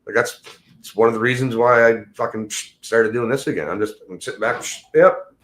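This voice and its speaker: A man's voice: mid-range voice, fairly even intonation, a little fast, a bit bright. A man hosting a casual livestream, rambling loosely and swearing constantly as he talks about his work as a tradesman. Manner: rambling and heavily profane. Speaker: livestream host.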